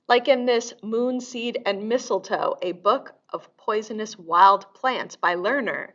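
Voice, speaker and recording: Animated, slow-speaking woman librarian. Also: on the low side, dull audio. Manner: animated, sing-song, exaggerated for young children. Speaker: children's librarian. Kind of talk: storytime reading and sing-along for kids.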